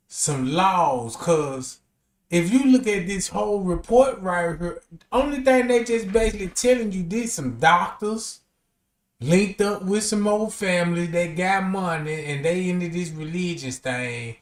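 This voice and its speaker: Animated high-voiced streamer man, echoey room. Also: measured pace. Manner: animated, slangy, rambling. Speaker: streamer reacting to a text. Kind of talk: casual commentary.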